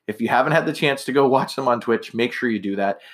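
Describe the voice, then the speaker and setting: A man's voice: medium pitch, quick pace, a bit bright. Rambling, slightly tipsy male podcast host. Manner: rambling, chatty, many fillers and restarts. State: a little tipsy, slightly slurring. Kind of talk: casual solo podcast monologue.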